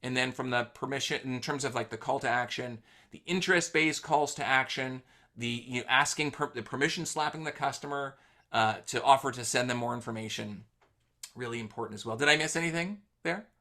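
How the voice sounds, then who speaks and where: A man with a bright, forceful voice hosts a live online session. He tells stories in a loose, chatty way, with plenty of fillers. The sound comes through a video call mic. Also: medium pitch, a little fast. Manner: animated anecdote-telling with fillers. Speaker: host. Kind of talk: casual webinar storytelling.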